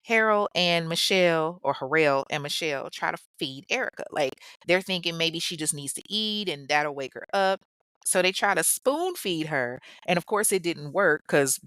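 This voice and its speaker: A woman's voice: lowish voice, fairly bright tone, dry recording. A woman hosting a podcast, telling a true-crime story in a casual, blunt way, swearing and mocking the people in it. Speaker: podcast host.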